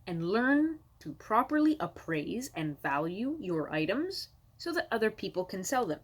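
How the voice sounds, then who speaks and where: A woman's voice: mid-range voice, very animated, a little slow, husky. A woman comedian from Canada delivering an exasperated, sarcastic stand-up rant at home, swearing freely.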